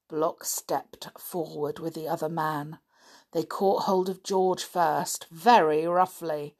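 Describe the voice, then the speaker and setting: A woman reading a children's adventure book aloud with expressive, dramatic narration. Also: low-pitched, slow pace. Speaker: storyteller.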